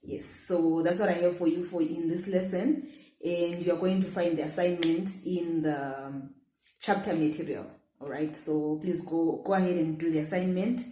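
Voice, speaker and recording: A woman's voice: fairly low pitch, steady tone, normal speed, mellow, slight background noise. A woman teaching a language lesson, patiently repeating phrases and modelling the question intonation. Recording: echoey room.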